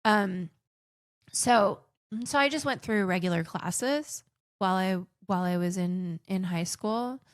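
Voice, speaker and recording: A woman with a medium-pitched voice speaks a little slowly, recorded at studio quality with no room sound. In her forties and raised in the Philippines, she's a chatty podcast guest telling personal stories and often restarting her sentences.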